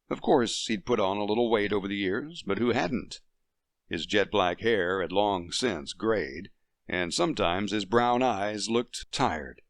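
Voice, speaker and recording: Low-voiced male audiobook narrator. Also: no room sound, clean studio sound. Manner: steady, expressive reading. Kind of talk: scripted narration.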